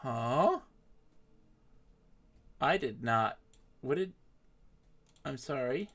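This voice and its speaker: A man with a medium-pitched, fairly bright voice speaks very slowly and expressively. He's live-streaming a game, chatting casually and reading the on-screen text aloud as part of his commentary.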